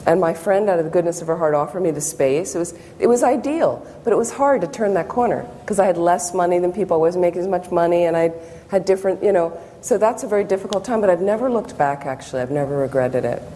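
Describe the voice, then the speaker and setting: A woman's voice: on the low side, lively intonation, fast talker, few pauses, dark tone. A Buddhist nun giving a public talk, telling personal stories and acting out her own inner thoughts. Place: meditation center hall. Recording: long hall reverb, faint background noise.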